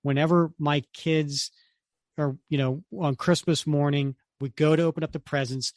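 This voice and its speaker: This podcast co-host is a middle-aged man whose fairly high voice moves at a moderate pace. His casual chat is lively, punctuated by bits of singing and laughter, captured in a dry, studio-quality recording.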